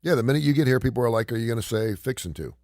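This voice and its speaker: A man's voice: medium pitch, rapid-fire, a little mellow, no echo, studio quality. A middle-aged man hosting a radio talk show, chatting casually and reading headlines aloud. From not from the South. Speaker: radio host.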